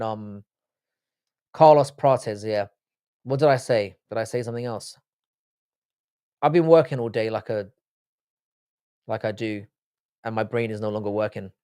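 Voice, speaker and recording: A young man hosting a livestream, ranting and swearing as he reads out chat comments. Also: medium pitch. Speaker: livestream host. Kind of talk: live-stream chat reading comments.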